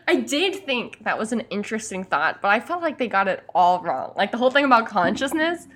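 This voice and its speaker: A woman with a slightly high voice chats about a film in a relaxed podcast conversation. She is playful and giggly, tossing in quick jokes and musing aloud. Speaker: podcast co-host. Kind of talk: casual movie discussion.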